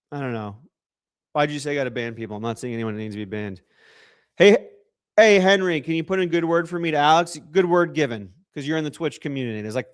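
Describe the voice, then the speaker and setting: A young man hosts a loose, joking livestream. He rambles through chat messages and donations, and his voice sits a little high. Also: clean tone. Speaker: livestream host.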